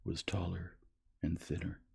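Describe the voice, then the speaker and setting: Deep, gravelly man reading softly. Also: little pitch movement. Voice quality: breathy, gravelly. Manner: slow, soft whispered delivery. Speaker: reader. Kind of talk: ASMR reading.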